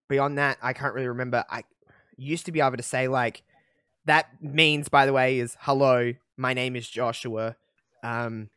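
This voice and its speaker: A man's voice: medium pitch, fairly bright tone, no echo, clean studio sound. A man co-hosting a podcast, chatting casually in a rambling, self-deprecating way. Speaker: podcast co-host. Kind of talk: casual chat. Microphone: headphones and studio mic.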